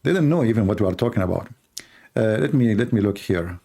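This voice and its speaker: A man hosting a live stream, talking in a rambling, joking way with halting, broken grammar. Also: fairly low pitch, gravelly. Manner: animated, joking, teasing, with halting non-native grammar. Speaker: live-stream show host.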